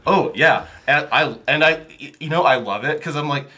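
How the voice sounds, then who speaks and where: Bright-voiced man, rambling and chatty. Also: fairly high pitch, moderate pace. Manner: rambling, many fillers and restarts, laughs often. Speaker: podcast guest, game master. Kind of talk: casual interview chat.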